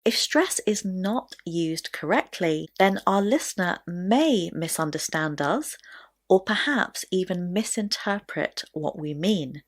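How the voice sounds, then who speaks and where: A woman teaching a pronunciation lesson in a clear, deliberate way, stressing key words. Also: on the low side, animated. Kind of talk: scripted lesson to camera.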